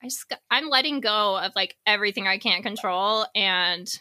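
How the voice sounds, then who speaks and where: A woman's voice: medium pitch, moderate pace, sharp tone, no echo, clean studio sound. A woman co-hosting a podcast in casual, rambling chat, full of fillers and jokes. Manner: rambling, filler-heavy, joking. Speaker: podcast co-host.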